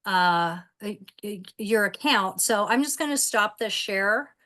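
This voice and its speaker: A woman's voice: mid-range voice, expressive, measured pace, sharp tone. A middle-aged woman giving a casual wellness presentation over a video call, conversational, with many fillers and restarts.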